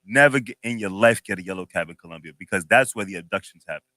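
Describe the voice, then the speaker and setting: A man co-hosting a podcast, telling a story in a loose, animated, slangy way with lots of laughs. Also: lowish voice, fast, no room sound. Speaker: podcast co-host. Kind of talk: casual chat, storytelling.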